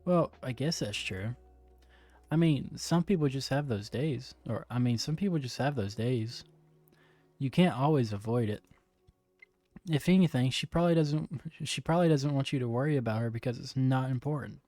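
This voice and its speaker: A man's voice: mid-range voice, normal speed, warm tone, no echo, soft background music, lightly acted. A man voicing a worried teen boy, reading his lines plainly and earnestly.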